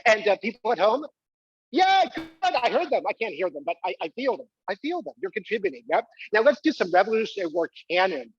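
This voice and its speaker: An exuberant man performs a comic monologue on a small stage. He coaxes the crowd to join in and squeals with delight. His voice is husky and dry, and the live recording sounds dull and muffled. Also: high voice, big pitch swings, quick pace, dry recording. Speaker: solo performer.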